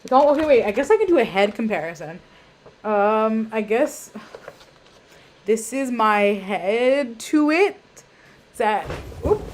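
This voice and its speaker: A young woman hosting an art auction live stream at home, chatting casually with lots of ums and self-deprecating tangents. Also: a little high. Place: home room. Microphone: webcam.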